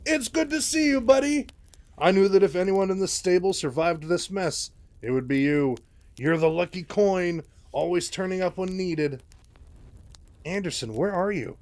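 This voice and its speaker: Slick news boss: very high and thin, gushing flattery, sci-fi story. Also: male voice, normal speed. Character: fast-talking middle-aged male news boss, oily.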